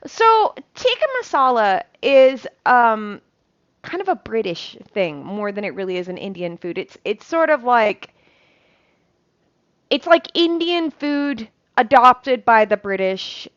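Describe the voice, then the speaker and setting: Her voice is a little high and a bit bright, very animated yet slow-paced, with no echo. Recorded in dull lo-fi sound, this cooking vlogger chats casually as she cooks, rambling along with frequent ums and casual swearing.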